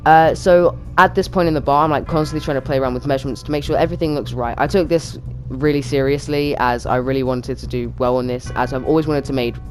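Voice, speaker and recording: Fast-talking young man narrating a build. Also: mid-range voice, fairly even intonation, faint music behind. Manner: chatty, quick, with many fillers. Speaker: YouTuber narrating a build challenge. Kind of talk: casual gaming commentary.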